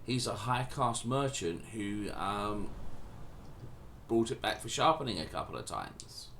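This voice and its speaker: A man's voice: on the low side, lively intonation, unhurried, a bit bright, a little hiss or hum. A man voicing a courteous male blacksmith shopkeeper who is helpful to customers.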